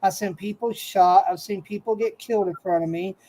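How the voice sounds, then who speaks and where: A man's voice: sits high, fairly even intonation, brisk, very noisy. A man who works as a news reporter, speaking casually in a matter-of-fact, emphatic way. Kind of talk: casual chat.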